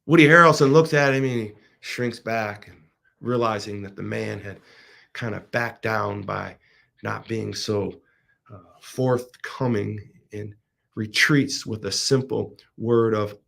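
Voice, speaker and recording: A man's voice: fairly low pitch, fairly even intonation, takes it slowly, gravelly, a bit bright. A middle-aged man hosting a show, animatedly retelling a film plot in a casual monologue with frequent restarts. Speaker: podcast host.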